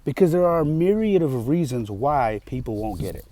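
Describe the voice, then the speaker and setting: A man's voice: mid-range voice, very animated, normal speed, warm tone. A man hosting a podcast, telling a story in a casual, emphatic monologue full of fillers. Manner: emphatic, heated, with frequent fillers. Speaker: podcast host.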